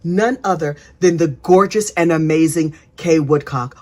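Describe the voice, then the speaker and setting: A woman's voice: on the low side, normal speed, few pauses. A woman hosting true-crime commentary in a sassy, gossipy way, full of slang. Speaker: host.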